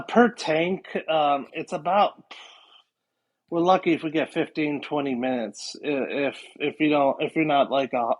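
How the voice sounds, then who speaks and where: A man, a guest paranormal investigator, chatting casually on a podcast and rambling with many fillers. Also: fairly high pitch.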